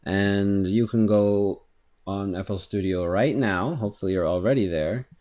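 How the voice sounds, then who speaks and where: A man giving a casual, rambling software tutorial, thinking aloud as he clicks through and humming rhythms. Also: lowish voice, normal speed. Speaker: music production instructor. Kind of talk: screen-recorded software tutorial. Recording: faint electronic music underneath.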